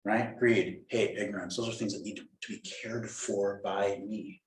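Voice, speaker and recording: A man giving a dharma talk as a Zen teacher, playful and animated, acting out inner voices. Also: on the low side, moderate pace, few pauses. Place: meditation hall. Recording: roomy hall echo.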